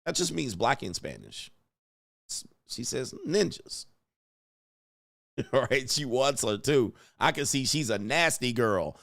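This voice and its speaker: A man in the host's seat, talking over clips in loose, crude slang at an everyday mid pitch. He mocks what he watches and breaks into laughs between remarks. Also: big pitch swings, takes it slowly, gravelly, long pauses, fairly bright tone. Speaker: host. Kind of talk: reaction commentary.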